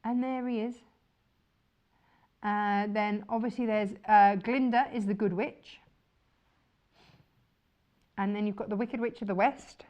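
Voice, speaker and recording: A woman's voice: mid-range voice, fairly even intonation, measured pace, long pauses, lo-fi sound. Gushing woman presenting sewing fabrics. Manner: enthusiastic, gushing, chatty. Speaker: shopping channel presenter. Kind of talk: chatty live sales presentation.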